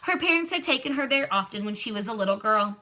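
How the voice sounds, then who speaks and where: A woman's voice: a little high, animated, fast, pushed and bright. A woman reading a children's novel aloud expressively, with occasional slips and restarts. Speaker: reader.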